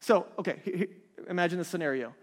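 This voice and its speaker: A man's voice: sits high, quick pace. A man in his thirties preaching a conversational sermon, often checking in with his listeners. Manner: conversational, keeps checking in with the crowd. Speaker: pastor. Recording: long reverb of a large hall.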